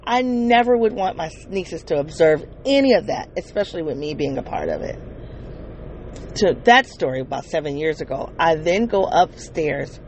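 Podcast host, gravelly fry in the voice, halting confessional storytelling full of restarts. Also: medium pitch, a little mellow, slight background noise, poor audio. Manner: halting, with frequent restarts and self-corrections; earnest, addresses listeners directly. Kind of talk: emotional personal storytelling.

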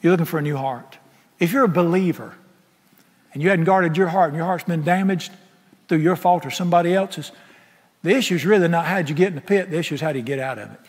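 Man, pastor preaching, folksy and impassioned, slightly husky, fairly high voice, long church reverb. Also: fast talker. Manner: folksy, impassioned preaching, dropping to soft near-whispers. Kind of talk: sermon. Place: large church sanctuary. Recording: echoey sanctuary with long reverb.

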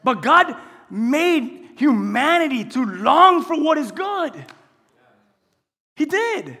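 A man preaching from the pulpit with a strikingly high voice that lingers in a long church reverb. He throws questions out to the congregation, moving between calm teaching and fervent, raised preaching. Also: slow pace. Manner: asks the congregation call-and-response questions; swings between quiet teaching and loud impassioned preaching. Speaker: pastor. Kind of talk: sermon.

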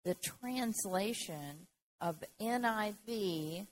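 A woman's voice: medium pitch, expressive, extremely slow, a little hiss or hum. A woman in a Bible class who asks a question and reads verses aloud in a careful way.

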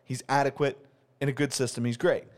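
A man co-hosting a podcast who talks in an animated, exasperated way, ranting his opinions in casual chat. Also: medium pitch, fairly quick. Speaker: podcast co-host.

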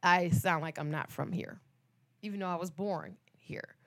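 A young woman from Detroit talks in a relaxed, chatty way as a co-host on a podcast. She is animated and teasing with her co-host as she tells her own stories. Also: fairly low pitch, normal speed. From Detroit, USA. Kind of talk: casual chat.

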